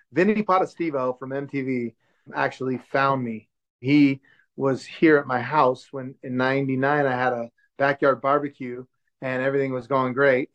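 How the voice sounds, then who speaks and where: A man in his forties telling a story in a casual chat, acting out the voices of the people he quotes. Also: on the high side. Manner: animated, acts out quoted dialogue. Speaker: show host telling a story as podcast guest. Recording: dull lo-fi sound.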